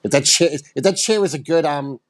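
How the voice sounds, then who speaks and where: A man's voice: on the high side, a little fast. A man on a video call who mostly chimes in with short agreeing replies and the occasional laugh.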